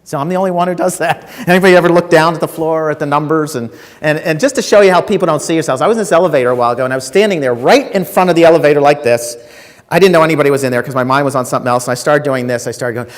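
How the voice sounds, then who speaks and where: A man's voice: on the high side, animated, quick pace. A man giving a live keynote to a sales audience, telling stories, asking the crowd questions and acting out quotes. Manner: storytelling, asks the audience questions, acts out quotes. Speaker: keynote speaker. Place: conference hall. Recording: reverberant hall recording.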